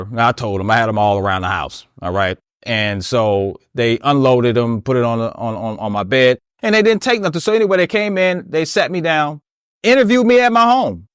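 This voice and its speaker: A military veteran being interviewed tells an animated story in a clean, mid-range voice, recorded with studio quality and no room sound. He acts out the dialogue as he goes and often asks, "you know what I mean?"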